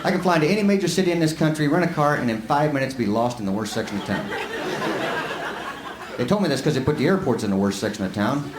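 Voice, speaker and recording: A man with a West Texas accent doing a live stand-up set, plain-spoken and folksy with quick punchlines. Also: mid-range voice, lively intonation, noisy background. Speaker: stand-up comic. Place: comedy club stage with audience. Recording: roomy live club recording with loud crowd laughter.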